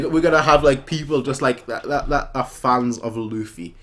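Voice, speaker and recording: A man's voice: medium pitch, normal speed, few pauses. A man chatting casually as he reacts to a manga chapter, rambling and restarting his sentences. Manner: rambling, animated, frequent restarts and fillers.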